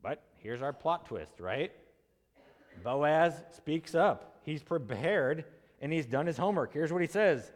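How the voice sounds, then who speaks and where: A man's voice: on the high side, animated, slow pace, long reverb tail. A man preaching an expository sermon in a conversational way, asking his listeners questions and acting out quotes in casual voices.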